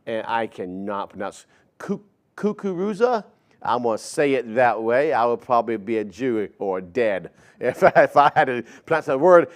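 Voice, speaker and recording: A man preaches a relaxed teaching sermon. His voice sits on the higher side, and he takes an unhurried pace. He keeps turning to the congregation with friendly asides.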